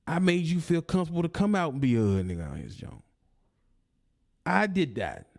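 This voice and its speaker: A man's voice: fairly high pitch, sing-song, brisk, gravelly, darkish tone. A man, delivering a confrontational, preachy monologue aimed at a rival, taunting and repeating his points. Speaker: online commentator.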